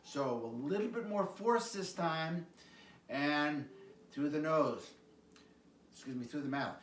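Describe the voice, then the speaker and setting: Man, qigong instructor, calm repeated cues, slightly high voice, very slow, echoey room, distant mic. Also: slight background noise. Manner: calm, unhurried cueing with repeated prompts. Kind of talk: guided exercise instruction.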